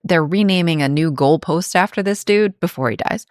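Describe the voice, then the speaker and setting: A woman podcast co-host, chatting in an animated way as she retells scenes and laughs along. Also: on the low side, normal speed, smooth, no echo, clean studio sound. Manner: animated storyteller, laughs often. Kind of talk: casual discussion.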